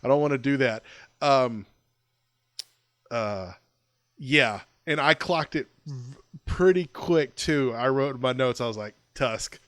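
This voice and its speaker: A man's voice: medium pitch, measured pace, pauses often, fairly bright tone, dry recording, clean studio sound. A man co-hosting a podcast in a casual review chat, easygoing and rambling, laughing often. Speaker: podcast co-host.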